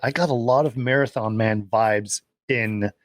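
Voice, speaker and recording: Man, podcast co-host, casual chat, halting fillers, medium pitch, dry sound. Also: fairly even intonation, no echo. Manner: rambling, halting with many fillers.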